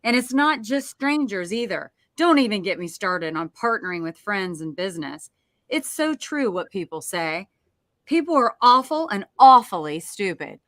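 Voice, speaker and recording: A woman's voice: mid-range voice, sing-song, moderate pace, fairly bright tone, no room sound. Brief: woman reading as a sour, ranting man, scornful, in a dry, close voice. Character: bitter male book character on a rant.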